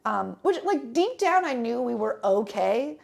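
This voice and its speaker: A woman's voice: fairly high pitch, big pitch swings, unhurried, vocal fry, darkish tone. A young woman telling a rambling travel story on a casual podcast, with lots of fillers and restarts. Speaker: podcast co-host.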